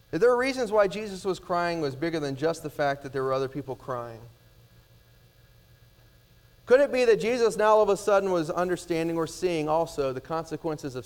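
A middle-aged male pastor preaching a sermon with emphatic swings from loud declarations to hushed words. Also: fairly high pitch.

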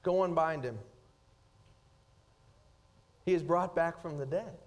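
A man preaching a sermon, swinging between loud, rising emphasis and hushed, slow passages. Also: fairly high pitch. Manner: dynamic preaching, rising loud then dropping soft. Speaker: pastor.

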